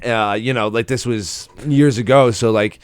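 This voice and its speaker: Man, podcast co-host, casual profane storytelling, lots of "like", crisp voice. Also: medium pitch, fairly even intonation, moderate pace, no echo. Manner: rambling and profane, full of "like".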